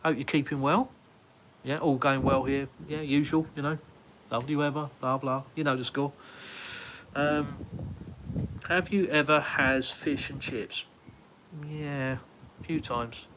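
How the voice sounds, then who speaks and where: A man's voice: a little high, steady tone, unhurried, long pauses. An English man hosting a casual live stream, answering viewer comments aloud as he walks around his house and out onto a windy terrace. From United Kingdom. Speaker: livestream host.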